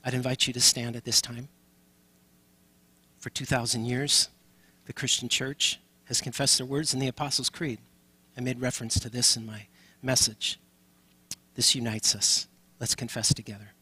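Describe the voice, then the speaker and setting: A male pastor leads communion with a bright, forward tone and a husky edge to his voice. He speaks earnestly and turns often to the congregation, inviting them to respond. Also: mid-range voice, little pitch movement, moderate pace, no echo. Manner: earnest, calls on the congregation directly. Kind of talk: leading a communion service.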